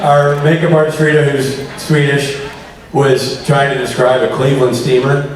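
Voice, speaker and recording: A man on a convention panel, teasing and telling stories with quick jokes. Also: mid-range voice, level tone, background noise. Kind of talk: casual panel banter. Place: large convention hall with audience. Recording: echoey hall recorded from far off with crowd.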